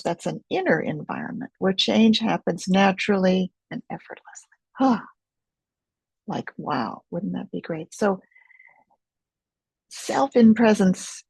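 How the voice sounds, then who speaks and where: A woman, leading a self-help webinar in a slow, gentle, reflective way over a video call. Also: mid-range voice, creaky, breathy edge, no room sound, rough recording. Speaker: webinar teacher.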